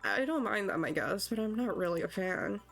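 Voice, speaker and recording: A woman's voice: mid-range voice, lively intonation, normal speed, creaky. A woman voicing a young woman bartender in a game, speaking dryly and bluntly.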